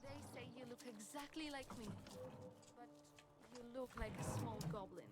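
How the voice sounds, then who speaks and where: A teasing village woman from a medieval video game, played by a woman. She speaks in a high voice over clearly audible game music. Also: normal speed, close to an everyday voice. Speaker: game character.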